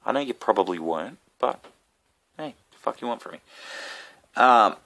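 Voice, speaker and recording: A man's voice: lowish voice, lively intonation, normal speed, creaky, a bit bright. A man, a comedian, telling a rambling, profane story straight to camera with self-mocking asides. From Australia. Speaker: comedian vlogger. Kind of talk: rambling casual monologue.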